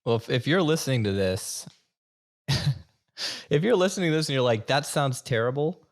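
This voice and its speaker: A man co-hosting a podcast in casual chat, wry and quick to laugh. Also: medium pitch, big pitch swings.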